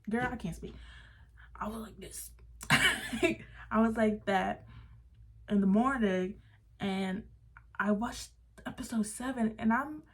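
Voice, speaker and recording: Give me a young woman ranting slowly, husky, swearing and laughing between phrases. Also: on the high side. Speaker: vlogger. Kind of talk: casual rant. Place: parked car.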